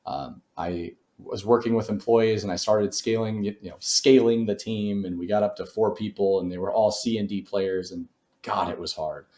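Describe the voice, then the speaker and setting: A man's voice: lowish voice, fairly even intonation, normal speed, a little mellow, reverberant. A man telling a story as a real estate investor guest in a podcast interview, speaking emphatically and in a motivational way.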